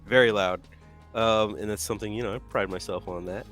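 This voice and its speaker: A man co-hosting a live painting stream, telling stories in a loud, animated way and laughing often. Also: lowish voice, fairly quick, soft background music. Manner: animated storyteller, acts out yelling, laughs a lot. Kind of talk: casual chat, telling stories.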